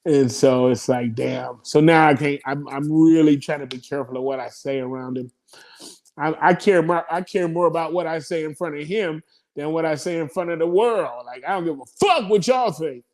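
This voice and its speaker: A man, a comedian telling stories in a casual interview, profane and quick to laugh between rambling asides. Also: a little high, darkish tone. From United States. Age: 50s. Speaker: comedian guest.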